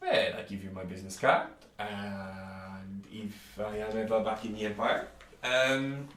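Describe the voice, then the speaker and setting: A man's voice: lowish voice, measured pace, a bit bright, far from the mic. A man voicing a courteous, shrewd male merchant who talks formally and haggles over prices. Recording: roomy echo.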